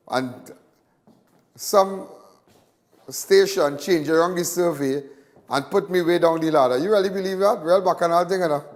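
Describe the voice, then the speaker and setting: A man's voice: on the high side, darkish tone. Boastful rambling Trinidadian man. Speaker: crime show host. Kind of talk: live talk show monologue.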